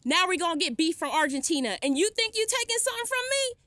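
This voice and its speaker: High-pitched defiant woman ranting. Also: big pitch swings, fast talker, fairly bright tone, dry recording. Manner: defiant, sarcastic, blunt with profanity. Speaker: vlogger. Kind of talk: ranting vlog monologue.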